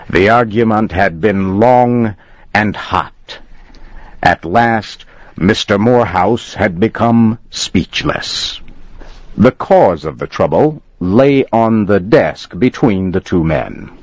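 Slow, low-voiced male story narrator. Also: dry recording. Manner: slow, deliberate, expressive. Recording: dull lo-fi dry recording.

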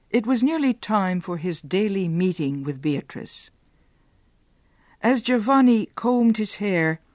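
A woman narrates a story in a slow, deliberate reading voice. Every word comes out clear. The recording is dry and close, with no room sound. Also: fairly low pitch, darkish tone, dry recording. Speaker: reader.

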